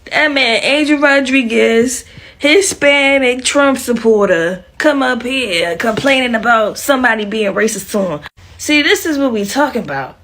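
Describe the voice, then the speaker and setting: High-pitched woman ranting indignantly. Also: expressive, unhurried, a bit bright. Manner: indignant, blaming. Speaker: social media commentator. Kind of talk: ranting reaction video.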